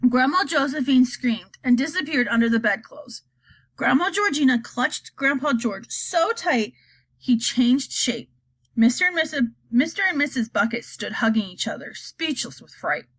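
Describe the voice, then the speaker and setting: A woman reading a children's storybook aloud, narrating in a lively, expressive way. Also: high-pitched, normal speed, slightly rough, poor audio. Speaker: audiobook reader.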